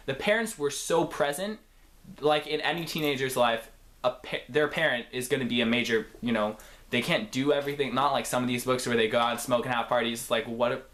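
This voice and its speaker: Young guy rambling about books he read, animated, gushy then sarcastic, mid-pitched voice. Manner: animated, enthusiastic, gushing and sarcastic by turns. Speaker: book reviewer. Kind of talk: casual book review vlog.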